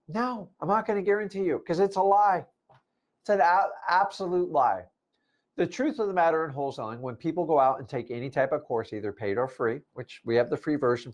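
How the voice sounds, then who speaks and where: A man in his fifties, a real estate investing coach, giving a blunt, preachy motivational talk and mocking complainers in put-on voices. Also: medium pitch. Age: 50s. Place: lives in Florida.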